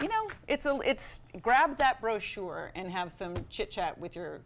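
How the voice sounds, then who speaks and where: A woman auctioneer chats brightly as a guest on a morning show. She talks in a cheerful, easygoing way and laughs often. Her voice sits in an ordinary middle range. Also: medium pitch, big pitch swings, a little slow, crowd noise. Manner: chatty and upbeat, laughs often. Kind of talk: casual TV studio chat.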